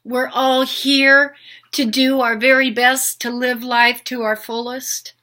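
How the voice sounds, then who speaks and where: Her voice sits high, bright and forceful, with a level tone and slow pace. The older woman is emotional as she delivers an unscripted, heartfelt spiritual healer's monologue, earnest and pleading, with repeated questions.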